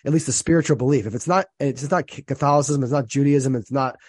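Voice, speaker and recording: Man, 30s, from New Jersey, quick talker, dry close mic, reflective casual chat. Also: medium pitch, darkish tone, husky, no echo. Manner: reflective, repeats phrases while thinking aloud. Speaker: podcast co-host.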